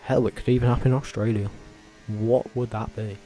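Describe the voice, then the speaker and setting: A man vlogging casually, talking in a rambling, animated way with frequent self-corrections and tangents. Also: lowish voice, a little fast, faint music behind. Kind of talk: casual opinionated commentary.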